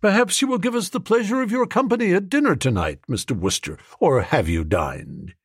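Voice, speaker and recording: A man voicing an older, stern but warm uncle who talks in a measured, lecturing way. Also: high-pitched, animated, breathy edge, no echo, studio quality, voice pushed up, heavily acted. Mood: genial.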